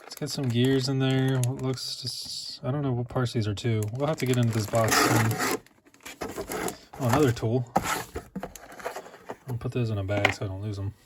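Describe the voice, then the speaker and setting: A young man doing a casual unboxing vlog, rambling and breaking into excited high exclamations as he goes. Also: noisy background. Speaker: RC car vlogger.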